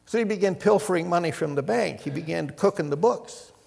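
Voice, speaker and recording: Gravelly older male preacher in a reverberant hall. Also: high voice, brisk. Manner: storytelling, swings from loud emphasis to hushed near-whispers. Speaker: pastor. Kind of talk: sermon.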